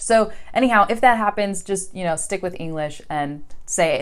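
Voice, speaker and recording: An American woman in her thirties, an English teacher giving a casual video lesson to learners, chatty and animated, acting out quoted voices. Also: fairly low pitch, moderate pace, hardly any pauses. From United States.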